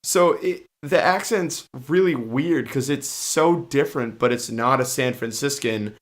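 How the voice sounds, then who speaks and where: A man with a medium-pitched voice co-hosts a laid-back film review podcast, talking a little slowly. He's blunt and opinionated and frequently cuts in over the others.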